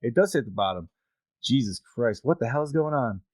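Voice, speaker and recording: A man co-hosting a casual podcast, talking crude and animated, laughing often. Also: mid-range voice, brisk, no echo. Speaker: podcast co-host. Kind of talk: casual horror movie chat.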